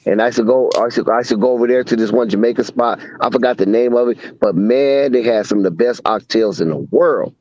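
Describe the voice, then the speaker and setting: A man's voice: mid-range voice, fairly quick, hardly any pauses, a little mellow, no room sound. Man telling laid-back food stories. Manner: laid-back storytelling, trailing asides. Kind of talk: casual chat. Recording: dull dry lo-fi sound.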